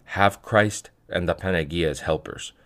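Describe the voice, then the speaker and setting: A man reading spiritual letters aloud in a measured, reverent way. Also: low voice, a bit bright. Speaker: podcast reader of monastic letters.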